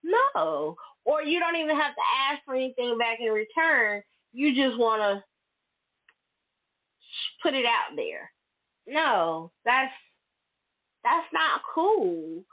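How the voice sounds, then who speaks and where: Solo woman podcast host, slow and blunt, pitched a bit high, tinny phone-line sound. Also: big pitch swings. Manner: blunt, emphatic, profane venting.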